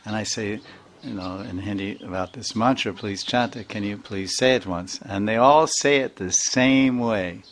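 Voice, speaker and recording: A man's voice: lowish voice, normal speed, a little hiss or hum. An older man giving an informal spiritual talk, chuckling often and repeating words as he sounds them out. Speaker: spiritual teacher.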